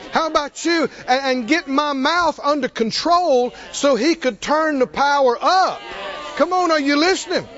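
A man delivers a sermon in a high, bright-pitched voice. He presses the congregation with rhetorical questions and emphatic turns. The recording is dull and lo-fi. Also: expressive, measured pace, slight background noise. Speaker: preacher.

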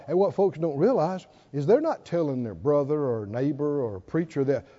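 A man preaching a sermon, swinging between loud, animated calls and hushed asides. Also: fairly high pitch, breathy edge, dull audio. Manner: animated preaching, mimics whiny voices and swings from shouting to hushed.

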